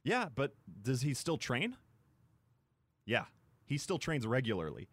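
Emphatic male radio co-host, lively intonation. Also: mid-range voice, a little slow, husky, no room sound. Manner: emphatic, argumentative. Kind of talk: casual sports radio banter. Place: radio studio.

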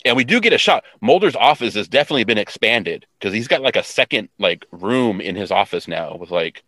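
A man with a fairly low voice chats through a TV episode recap, rambling and piling on fillers while quoting characters offhand. The sound is dry and close, with no room around it. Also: lively intonation, brisk, bright, forceful tone, dry recording. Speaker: podcast co-host. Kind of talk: casual episode recap chat.

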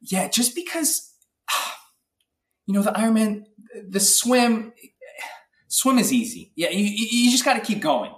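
Animated man, echoey distant sound. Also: high voice, a little slow. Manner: energetic, animated storytelling with lots of fillers. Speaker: guest athlete. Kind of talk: casual interview chat.

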